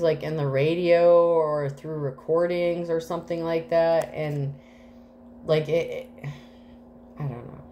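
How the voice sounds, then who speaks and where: A woman's voice: fairly low pitch, warm tone, slight background noise. A woman giving a casual tarot reading to the collective, rambling with many fillers, swearing freely and getting emotional. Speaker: tarot reader.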